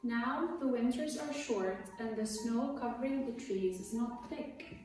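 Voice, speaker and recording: A teacher reading a children's story aloud in a steady way. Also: female voice, fairly high pitch, measured pace. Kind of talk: storybook narration. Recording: echoey room, far from mic, faint music.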